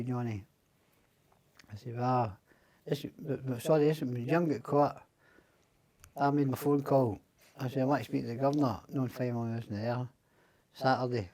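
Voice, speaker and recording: A man's voice: mid-range voice, dark tone. A middle-aged Scottish man, a podcast guest, telling rambling, profane stories and acting out the other people's lines. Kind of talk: casual storytelling.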